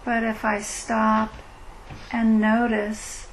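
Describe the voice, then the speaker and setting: Slow, gentle woman teaching meditation. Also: on the high side, steady tone, gravelly, slight background noise, poor audio. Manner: gentle, unhurried, reflective. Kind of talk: dharma talk with Q&A. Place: retreat meeting room.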